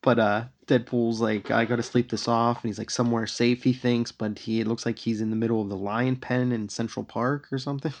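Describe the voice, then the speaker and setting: Gravelly man animatedly recapping comics. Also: mid-range voice, a little fast, few pauses. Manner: animated, reads out character lines with shifting emphasis. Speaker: podcast host recapping comics. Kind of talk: casual comic book recap chat.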